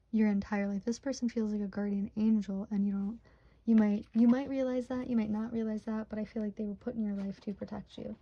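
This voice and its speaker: This tarot reader is a Michigan woman in her 20s whose mellow, mid-range voice comes through lo-fi sound. Tearful and nearly crying, she talks chattily and emotionally through a casual reading, dropping "like" constantly.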